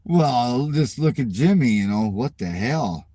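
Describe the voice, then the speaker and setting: A man's voice: mid-range voice, animated, unhurried, dark tone, dry recording. A middle-aged man hosting his channel, ranting in a casual, profane and mocking way at viewer comments. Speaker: channel host.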